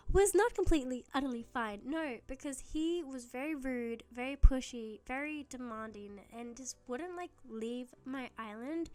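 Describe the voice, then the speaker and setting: A young woman telling a casual story, chatty, laughing often and acting out both sides of the talk. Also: sits high. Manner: chatty, laughs often, quotes herself in dialogue. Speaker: gaming YouTuber. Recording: faulty mic audio.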